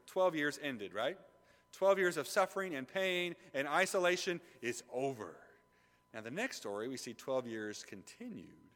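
A man preaching a sermon with a bright, forceful voice that carries a long reverb through a church sanctuary. He talks animatedly and conversationally, shifting from loud emphasis to quiet intensity. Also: mid-range voice. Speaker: pastor.

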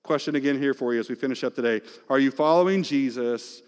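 A man preaching a sermon as pastor, moving between loud, emphatic passages and hushed, near-whispered ones. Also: medium pitch, fast talker, clear, resonant tone. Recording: long reverb of a large hall.

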